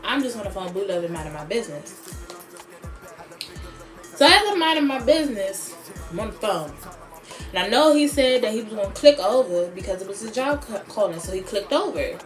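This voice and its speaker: Sassy, animated woman telling a story. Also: mid-range voice, fairly quick, long pauses, faint music behind. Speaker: beauty vlogger. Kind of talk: storytime vlog.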